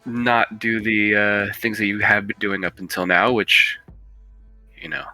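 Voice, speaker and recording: A man playing in a tabletop game, speaking hesitantly as he pitches a deal in character. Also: steady tone, a little slow, sharp tone, faint music behind. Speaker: player. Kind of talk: casual tabletop play.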